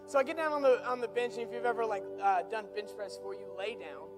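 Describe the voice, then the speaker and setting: A young man preaching through an animated personal story, building from quiet asides to excited shouts. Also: sits high, quick pace, music in the background. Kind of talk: storytelling sermon.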